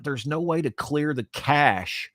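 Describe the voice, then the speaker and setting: Male podcast co-host, rambling storyteller, animated pitch, dry close sound. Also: unhurried, dry recording. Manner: rambling, storytelling with quoted asides. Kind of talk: casual chat.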